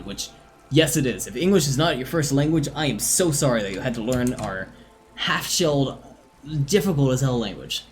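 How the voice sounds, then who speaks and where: A game streamer chatting casually on a live stream, self-mocking and quick to laugh, between stretches of reading game text aloud. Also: mid-range voice, lively intonation.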